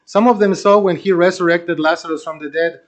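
A man preaching a sermon, earnest and emphatic, slowing down to stress key phrases. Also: sits high, steady tone. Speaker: pastor.

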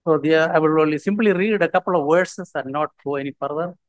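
Male visiting preacher, sermon, fairly high voice, dry sound, halting delivery with slow scripture reading. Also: no room sound, rough recording.

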